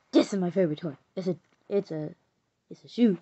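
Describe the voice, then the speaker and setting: A woman's voice: fairly low pitch, breathy edge. A young woman voicing her own homemade cartoon, playful, with sing-song humming and silly noises. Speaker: hobby animator voicing all characters. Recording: dull lo-fi home recording.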